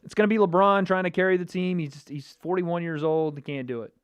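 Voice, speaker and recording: A man's voice: high voice, steady tone, a little fast, smooth, no room sound, lo-fi sound. A man hosting a casual livestream watch party, chatting and reacting to viewer comments. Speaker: livestream host.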